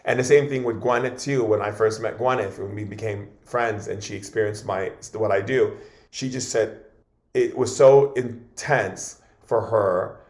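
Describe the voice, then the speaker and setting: Animated man telling stories as a guest. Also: lowish voice, unhurried, reverberant. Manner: animated, repeats and restarts words often. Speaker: guest shaman. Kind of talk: casual interview storytelling.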